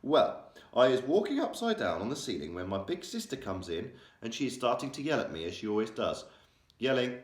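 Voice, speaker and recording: Man, teacher reading a children's book aloud, lively voices, roomy echo. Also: medium pitch, brisk. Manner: animated, changing voices for characters. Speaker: primary school teacher. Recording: echoey room.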